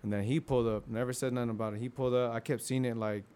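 A man's voice: mid-range voice, flat delivery, very fast, warm tone, clean tone. A man casually telling about odd things seen while smoking, in rambling slang full of fillers. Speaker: guest telling ghost stories. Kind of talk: casual storytelling.

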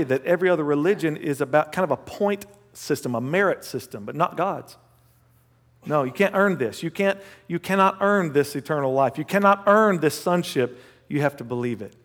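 A male pastor preaching a sermon and telling a personal story, animated, swinging between loud bursts and hushed asides. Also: fairly high pitch, fairly quick. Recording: long hall reverb.

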